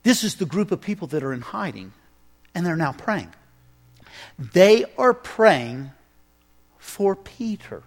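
Slow-speaking high-voiced male preacher. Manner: animated storytelling, acting out scenes. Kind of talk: sermon. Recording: echoey hall reverb.

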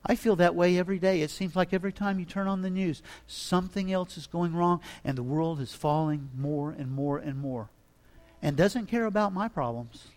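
A man preaching a sermon with dramatic delivery, swinging between hushed reflection and loud, emphatic passages. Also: sits high, moderate pace.

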